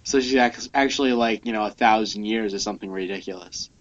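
A man's voice: fairly low pitch, brisk, lo-fi sound. A man co-hosting a casual comic book podcast, rambling with lots of fillers as he explains things. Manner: rambling, many fillers, reads lines aloud. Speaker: podcast co-host.

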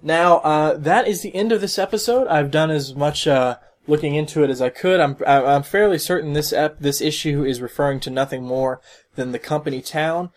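A man's voice: on the high side, moderate pace. A man hosting a solo podcast, commenting in a rambling way with many fillers and restarts. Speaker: podcast host.

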